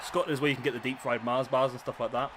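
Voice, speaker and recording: A man, commentating a wrestling video game on a live stream, excitable and jokey, bantering with his chat. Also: medium pitch, racing. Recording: game crowd noise behind voice. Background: wrestling game crowd and arena noise.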